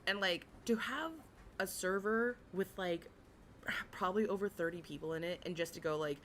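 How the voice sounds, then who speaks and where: A young adult woman with a raspy voice, chatting casually and rambling on a livestream, often giggling, with many fillers. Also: fairly low pitch, normal speed, fairly bright tone, a little hiss or hum. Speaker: livestream commentary host.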